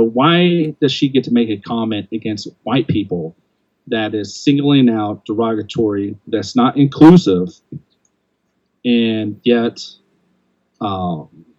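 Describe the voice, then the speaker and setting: A man's voice: mid-range voice, a little mellow, dry recording, dull audio. An older man hosting a casual podcast chat, blunt and rambling, often restarting his sentences. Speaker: podcast host.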